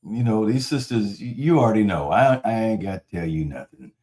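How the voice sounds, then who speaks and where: Man preaching in a lowish voice. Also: a little fast. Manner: conversational, animated storytelling. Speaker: pastor. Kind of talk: sermon with storytelling.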